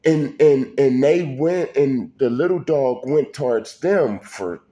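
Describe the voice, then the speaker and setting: A man's voice: medium pitch, slow pace, warm tone. A man telling a personal story in a casual, colloquial way, speaking straight to the listener and often restarting his sentences. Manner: colloquial, addresses listener directly, frequent restarts.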